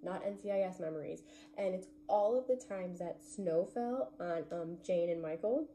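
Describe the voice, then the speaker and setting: A woman's voice: lowish voice, moderate pace, dark tone, slight background noise. Chatty woman recapping a TV episode. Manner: chatty, gushing, heavy use of "like". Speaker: TV recap vlogger.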